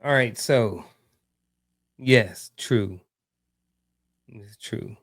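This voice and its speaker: A man co-hosting a coaching podcast in casual chat, relaxed and agreeable, thinking aloud with hesitations. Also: on the low side, very slow, no echo, clean studio sound. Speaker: podcast co-host.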